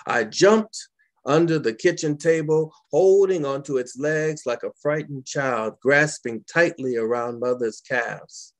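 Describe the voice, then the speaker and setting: A man, a poet, reading his poems aloud in a slow, dramatic, deliberate way with long pauses. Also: mid-range voice. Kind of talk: poetry reading.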